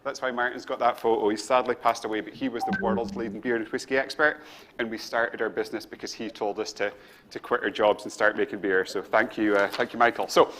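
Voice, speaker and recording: A man's voice: fairly low pitch, level tone, fairly quick. Scottish man, live-stream tasting host, enthusiastic and chatty, faint background noise. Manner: enthusiastic, storytelling, guides viewers step by step. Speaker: brewery co-founder leading a beer tasting. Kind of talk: live-streamed casual presentation.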